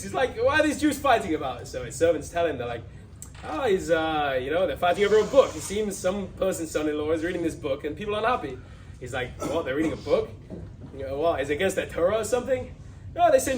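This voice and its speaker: A young man tells a story from some distance off the microphone. His voice sits high, and he jumps into sudden raised, excited character voices. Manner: acts out characters with sudden high, loud outbursts. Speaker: student speaker retelling a Hasidic story. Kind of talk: animated storytelling. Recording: distant mic with faint background noise.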